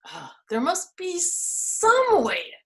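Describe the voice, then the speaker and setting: A woman's voice: very high voice, huge pitch swings, very slow, sharp tone, voice pushed up, heavily acted. A woman voicing a big, grumpy male T-Rex dinosaur in a children's storybook, talking in a growly, grumbling way.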